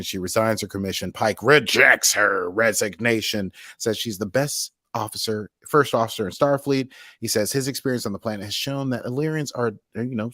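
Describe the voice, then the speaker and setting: Low-voiced American man recapping casually. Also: no echo, clean studio sound. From United States. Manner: rambling, animated retelling with sound effects. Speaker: podcast host.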